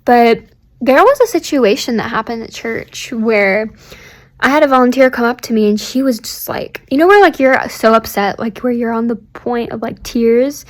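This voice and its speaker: A young woman speaks into a phone held close, pouring her heart out to her sister in a video diary. Her voice sits a little high, and she wanders through her thoughts with many "likes" and "ums." She often sinks into a hushed, near-whispered tone. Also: normal speed. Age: young adult. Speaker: church staff member recording a video diary. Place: at home on a couch.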